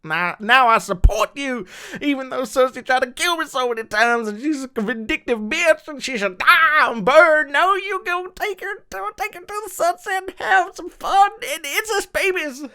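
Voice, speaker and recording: A man voicing a scheming male nobleman in a put-on accent, loud and taunting, with swearing. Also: extremely high pitch, normal speed, voice pushed up, heavily acted. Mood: mocking. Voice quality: sing-song, mocking put-on accent.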